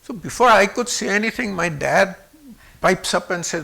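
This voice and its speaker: Man, 70s, from Pakistan; high, gravelly storyteller who animates every quote. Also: moderate pace. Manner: animated, acts out quoted speech with shifts in voice. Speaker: guest speaker. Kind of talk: personal storytelling.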